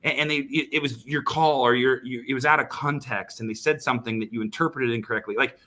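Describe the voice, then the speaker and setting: A man's voice: mid-range voice, fairly even intonation, fast, pushed and bright. A man as a podcast guest, telling a sales story with emphasis, often repeating words and restarting sentences, heard over a video call. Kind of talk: animated storytelling in a podcast chat.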